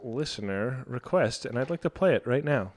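A male podcast host talks casually in a playful, teasing way and keeps the chat moving. His voice sits at an ordinary middle pitch. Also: animated, moderate pace.

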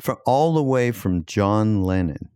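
A man hosting a podcast, chatting in a relaxed, rambling way. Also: lowish voice, measured pace, clean tone, no room sound, clean studio sound. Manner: relaxed, rambling, frequent backchannels. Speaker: podcast host. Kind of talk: casual podcast chat.

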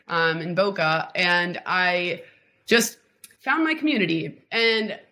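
A woman's voice: lowish voice, takes it slowly, sharp tone. Rambling young woman from Miami. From Miami, Florida. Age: 20s. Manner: rambling, heavy use of "like" and restarts. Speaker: guest. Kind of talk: casual interview storytelling.

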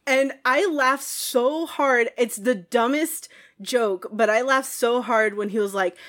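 A woman co-hosting a casual movie review podcast, animated and quick to laugh, with plenty of fillers. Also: on the high side. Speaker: podcast co-host.

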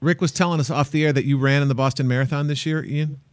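A man hosting a podcast in casual chat, relaxed and talkative with frequent fillers. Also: fairly high pitch, fast, no echo. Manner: relaxed, chatty, hesitant fillers. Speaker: podcast host.

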